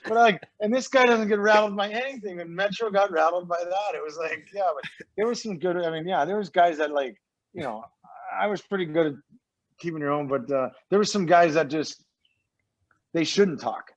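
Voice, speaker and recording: A man with a slightly high voice tells rambling stories as a podcast guest. He swears freely and acts out other people's lines as he goes. The recording sounds dull and lo-fi. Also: a little fast. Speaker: guest, former pro hockey player. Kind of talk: casual podcast storytelling.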